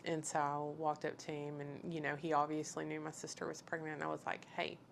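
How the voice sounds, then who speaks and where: Low gravelly woman telling her story. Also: completely flat delivery, fairly quick, a little hiss or hum. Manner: candid storytelling, acting out dialogue with many fillers. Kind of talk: personal testimony.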